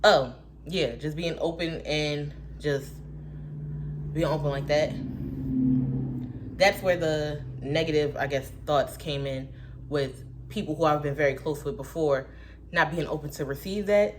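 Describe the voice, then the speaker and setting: A young woman vlogging a casual faith monologue, candid and profane, with animated asides and quick voice-switching quotes. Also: low-pitched, a little hiss or hum.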